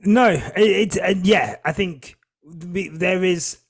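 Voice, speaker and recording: A man with a high-pitched voice co-hosts a casual podcast chat. He rants with animated energy and drops swear words freely. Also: slow pace, slightly rough. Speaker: podcast co-host.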